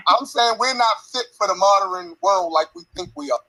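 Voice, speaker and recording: Husky high-voiced man arguing. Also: moderate pace, sharp tone, low-quality recording. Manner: insistent, arguing a point. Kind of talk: argumentative chat debate.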